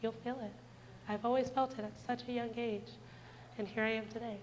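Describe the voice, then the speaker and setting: A woman's voice: a little high, steady tone, a little fast, slight background noise, rough recording. A woman in her twenties giving a heartfelt personal testimony in a church, speaking earnestly and directly to the congregation. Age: 20s.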